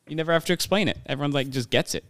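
A man's voice: on the high side, fast talker, no echo, clean studio sound. A man co-hosting a movie podcast, rambling and laughing in a casual chat. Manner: giggly, rambling, animated. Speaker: podcast co-host.

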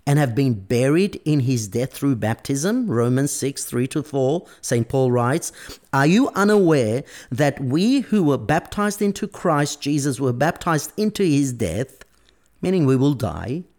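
Slow, lively-voiced male preacher. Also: mid-range voice. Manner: emphatic, varying pace and stress. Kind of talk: sermon.

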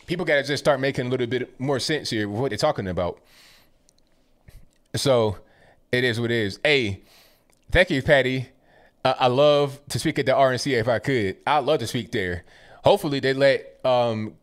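A man giving casual, sarcastic commentary to his viewers, animated and mocking, often stammering and repeating words. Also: mid-range voice. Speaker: political commentary streamer.

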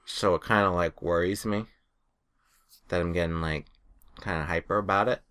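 A man's voice: deep voice, fairly even intonation, moderate pace, pushed and bright, clean tone. A man co-hosting a podcast in casual chat, telling rambling anecdotes and laughing through them. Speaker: podcast co-host.

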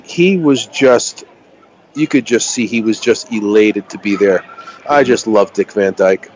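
A man's voice: fairly low pitch, darkish tone, a little hiss or hum, low-quality recording. A middle-aged American man chatting as a podcast guest, eager and often restarting his sentences. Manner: enthusiastic, stammering restarts. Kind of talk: casual chat.

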